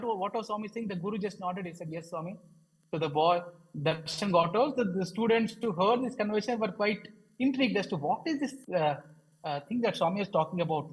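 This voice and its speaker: A man's voice: high-pitched, fairly quick, slightly rough, low-quality recording. A man telling a story at a devotional program, hesitant, with many fillers and restarts. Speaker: devotional speaker. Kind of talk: storytelling talk.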